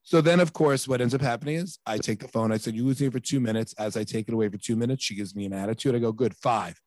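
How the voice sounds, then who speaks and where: A mid-range male voice talks fast over clean studio sound, no room noise at all. The speaker, a podcast co-host in his thirties or forties, shares a family story in relaxed chat, acting out quoted dialogue in an animated, exasperated way.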